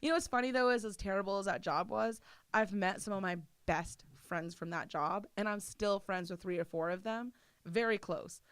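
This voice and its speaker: A woman's voice: mid-range voice, normal speed, clear, resonant tone, dry recording. A woman chatting casually as a podcast guest, laughing often and swearing freely. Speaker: interview guest.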